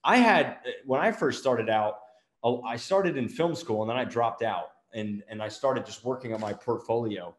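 A middle-aged man hosting a motivational business talk, energetic, firing off rapid rhetorical questions. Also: medium pitch, roomy sound. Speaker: marketing agency owner and show host.

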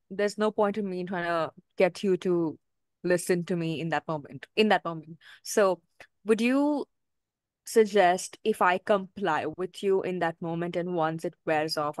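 A woman's voice: fairly low pitch, no room sound. A woman interviewing a guest, asking careful questions and backing him up with frequent agreement sounds. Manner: attentive, frequent "mm-hmm" backchannels.

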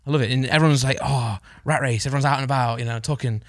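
A man's voice: mid-range voice, fairly even intonation, rapid-fire, no room sound, clean studio sound. A young man co-hosting a podcast, chatting and telling stories with laughs and restarts. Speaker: podcast co-host. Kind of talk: casual chat.

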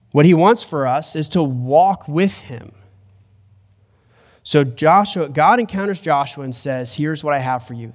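Preaching man in a reverberant hall. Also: a little high. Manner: earnest, rising to emphatic preaching. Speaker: pastor. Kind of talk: sermon. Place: church sanctuary. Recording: long church hall reverb.

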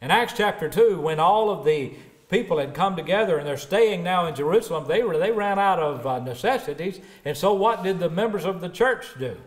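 A middle-aged preacher, his voice sitting a touch higher than most men's. He swells loud and emphatic when he quotes scripture, then sinks low and quiet to tell a story. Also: animated, fairly quick. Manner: rises emphatic for scripture, drops low and soft for stories. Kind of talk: sermon.

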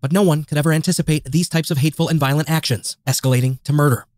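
A man's voice: on the high side, fairly even intonation, rapid-fire, a little mellow. A man narrating a true crime story in a grave, scripted way. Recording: faint music underneath.

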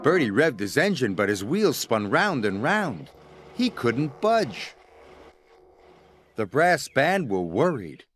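Male storybook narrator, slow, very expressive, music under him. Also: mid-range voice, a little hiss or hum. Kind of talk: children's story read-aloud. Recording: music playing behind.

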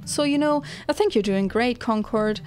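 A woman voicing a gentle, caring plant-folk mentor in a video game, reading in a soft, measured, reassuring way. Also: on the high side, natural voice.

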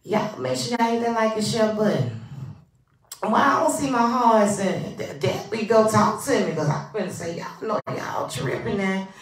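A woman hosting a casual live stream, greeting her viewers by name with drawn-out, animated calls and dropping into soft asides. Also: mid-range voice. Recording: roomy, distant from the mic.

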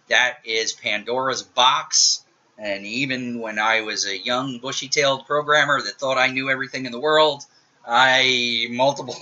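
In dull lo-fi audio, a middle-aged man teaches programming via screencast, walking through his code in a relaxed, joking way. His voice is mid-range, pushed and bright.

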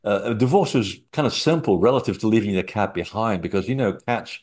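A man's voice: lowish voice, animated, brisk, darkish tone. A man being interviewed, telling rambling, anecdotal stories with many fillers. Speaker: interview guest, author. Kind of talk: casual chat.

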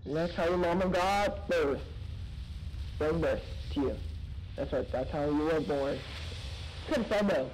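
A man giving rambling, goofy let's-play commentary on a low-quality mic, now and then breaking into excited high-pitched yelps. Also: unhurried, pauses often, a little hiss or hum. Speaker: gaming commentator. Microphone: low-quality microphone.

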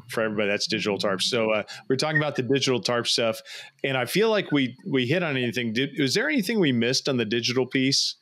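A man's voice: medium pitch, a bit bright. Eager middle-aged man hosting a podcast. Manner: eager, explains terms for listeners. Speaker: podcast host. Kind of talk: conversational interview.

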